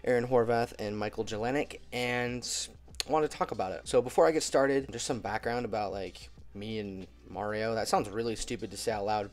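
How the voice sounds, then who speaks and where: A young man with a cold talking casually in a movie review vlog, chatty, filling his talk with "like" and laughing easily. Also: fairly low pitch. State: getting over a cold.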